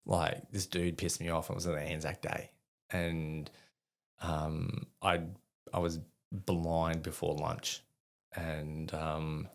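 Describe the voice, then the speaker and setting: A man's voice: very deep voice, little pitch movement, takes it slowly, creaky. A middle-aged Australian man telling rambling, profane stories about his past as a guest in an interview, laughing at himself. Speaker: guest, army veteran. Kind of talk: casual storytelling in an interview.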